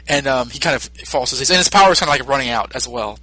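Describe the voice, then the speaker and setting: A man's voice: medium pitch, rapid-fire, hardly any pauses, no echo. A man co-hosting a podcast, recapping a film in casual chat with lots of laughter. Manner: laughing, animated storytelling. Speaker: podcast co-host.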